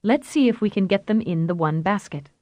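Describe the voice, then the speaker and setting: A woman doing a bossy, tart woman leading a telepath crew in an audiobook. She speaks crisply and gives orders, in a roomy-echo recording at a middle pitch. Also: animated, fairly quick, a little mellow, natural voice. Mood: brisk. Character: brisk, commanding woman team leader, tart.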